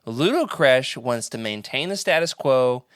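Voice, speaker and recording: A man's voice: medium pitch, measured pace, clean tone, no room sound, studio quality. A man hosting a casual podcast roundtable, playful and leading the discussion. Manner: animated, playful, leads the discussion. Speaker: podcast host.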